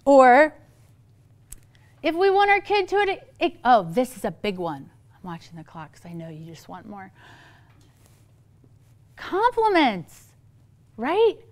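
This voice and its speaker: Middle-aged woman speaker on parenting, playful and quick, fairly high voice. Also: wildly swooping pitch. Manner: playful, quick asides, acts out quoted voices. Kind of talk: lively talk to a live audience.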